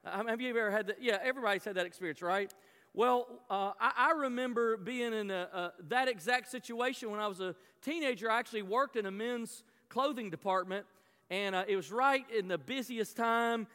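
Speaking in a high, clear, resonant voice with a sharp tone, this middle-aged pastor moves at a fairly quick pace through his sermon. He asks the congregation questions, tells a story, and repeats himself often, all inside a church hall with long reverb.

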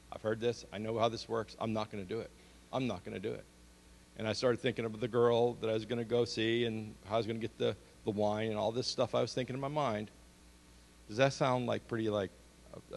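A man giving a church testimony to an audience, telling his story earnestly and rising to emphatic bursts. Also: fairly low pitch. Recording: long hall reverb.

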